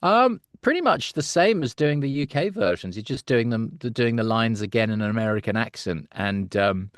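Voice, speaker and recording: A middle-aged man, a voice actor, chatting in an interview as an animated storyteller who laughs often and slips into character voices. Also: medium pitch, normal speed, dry recording, clean studio sound. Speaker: voice actor, guest. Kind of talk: casual interview chat.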